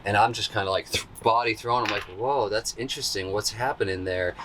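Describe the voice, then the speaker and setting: A man's voice: on the low side, fairly quick, background noise. A man telling a long personal story in a casual, slangy way, acting out what people said in a raised voice. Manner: animated, acts out quotes in a raised voice; laid-back, slangy. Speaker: interview guest.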